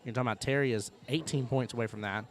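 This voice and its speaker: A man's voice: medium pitch, steady tone, rapid-fire. A man commentating a pool match live, chatty and conversational, often checking in with his co-host. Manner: chatty, fills with "right?" and "like".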